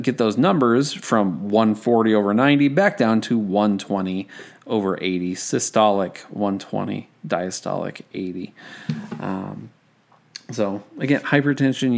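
A man's voice: lowish voice, creaky. A young man hosting a casual study-tips podcast, rambling and self-deprecating, full of fillers and restarts. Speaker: podcast host.

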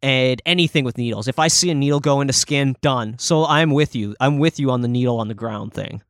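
A man co-hosting a casual podcast over a video call, animated and profane, laughing often. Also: medium pitch, fairly quick, dry recording, clean studio sound. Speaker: podcast co-host.

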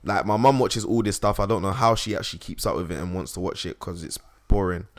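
A young man chatting casually, animated and swearing freely. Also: low voice, fast talker. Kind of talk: casual podcast chat.

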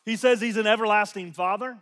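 A man with a high voice preaches to his congregation, swinging from loud, emphatic declarations down to hushed, near-whispered lines. He repeats his key phrases and has the crowd call them back to him. His voice trails off in the long reverb of a church hall. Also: fairly quick. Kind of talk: sermon.

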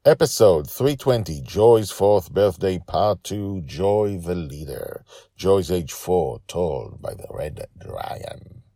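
A man's voice: sits low, lively intonation, slow, mellow, no room sound, clean studio sound. A man hosting and narrating his own storytelling podcast in a chatty way, repeating words for emphasis. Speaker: podcast host and author.

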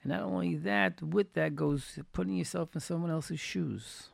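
A religious teacher gives a Torah talk at a moderate pace, his voice rough, gravelly, and pitched a little high. He's folksy, retelling anecdotes complete with quoted dialogue and repeating key phrases to drive them home. The recording is dry and close, with no room around it.

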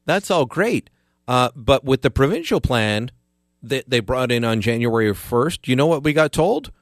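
A man hosts a call-in talk radio show, pushing his opinions with sarcastic, emphatic delivery. His pitch swings widely as he argues. The studio sound is dry and close. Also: animated, normal speed, no echo. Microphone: studio microphone.

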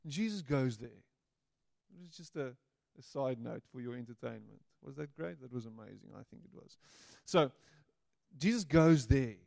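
A man preaching a sermon, playful and animated, slipping into little voices to act out quotes. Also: mid-range voice, normal speed, gravelly, no room sound, clean studio sound. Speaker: pastor.

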